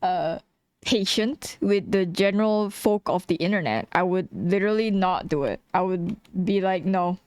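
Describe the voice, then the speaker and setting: A woman's voice: medium pitch, lively intonation, normal speed, darkish tone, dry recording, clean studio sound. A young woman streaming while she draws, chatting bluntly and casually with her viewers and laughing often. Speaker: streamer and artist. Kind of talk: casual livestream chat while drawing.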